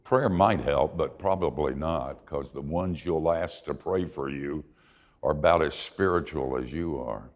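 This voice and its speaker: An older man preaching a sermon, telling folksy, self-deprecating stories in an expressive way. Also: a bass voice, measured pace, big-room sound. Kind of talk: sermon with storytelling.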